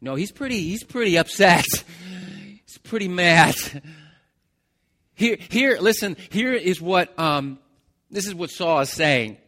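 A man's voice: high-pitched, lively intonation, unhurried, pushed and bright, long reverb tail. A man preaching a sermon, retelling a story with restarts and asides to the congregation. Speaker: pastor.

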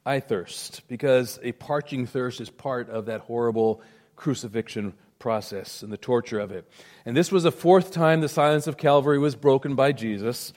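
A man's voice: medium pitch, normal speed. Emphatic male pastor preaching. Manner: emphatic preaching, swells loud then drops to a hush. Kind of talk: sermon.

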